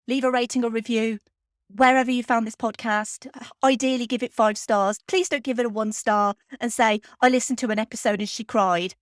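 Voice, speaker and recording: A woman hosting a film podcast, talking in an earnest, heartfelt way with pauses while close to tears. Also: fairly high pitch, no echo. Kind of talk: heartfelt spoken podcast tribute.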